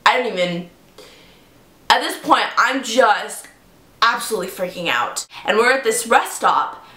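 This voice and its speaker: Woman vlogger, storytime delivery, dramatic and animated; bright, forceful tone, slightly high voice, echoey room. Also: measured pace. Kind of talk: storytime vlog.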